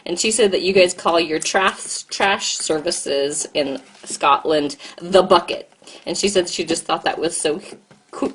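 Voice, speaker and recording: Chatty American mom cooking live. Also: female voice, medium pitch, a bit bright. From United States. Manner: chatty, talks to viewers and kid at once. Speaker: host and mom. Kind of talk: casual live-stream chat while cooking.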